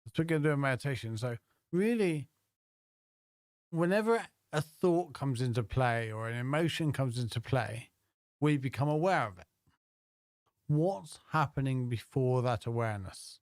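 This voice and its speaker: Slow-spoken man hosting a meditation stream. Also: mid-range voice, dry recording, clean studio sound. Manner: unhurried, chatty, greets viewers by name. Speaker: meditation teacher. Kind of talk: casual livestream chat before a guided meditation.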